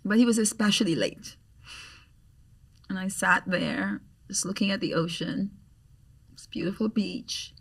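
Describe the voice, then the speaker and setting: A middle-aged woman from Grenada with a Grenadian accent, a podcast guest telling a story in an animated way and acting out the voices she quotes. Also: medium pitch, moderate pace, creaky, long pauses, slightly rough, distant mic. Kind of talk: storytelling in conversation.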